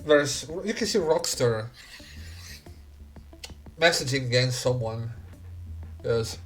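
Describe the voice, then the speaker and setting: A man's voice: mid-range voice, fairly bright tone, faint music behind. A man narrating grim scenes as game master in a tabletop game. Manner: slow, grim scene-setting.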